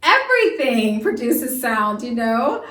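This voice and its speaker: A lively woman teacher leads a young class, firing off questions and answering them herself. Her voice sits a little high. She sounds a few steps back from the mic in an echoey room. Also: slow pace, distant mic. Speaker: homeschool teacher. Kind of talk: children's science lesson to camera.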